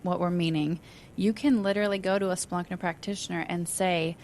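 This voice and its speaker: A woman hosting a faith podcast who talks in a quick, chatty way, full of "like" fillers and lively examples. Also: fairly low pitch, slight background noise. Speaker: podcast host, inner healing practitioner. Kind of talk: casual conversational interview.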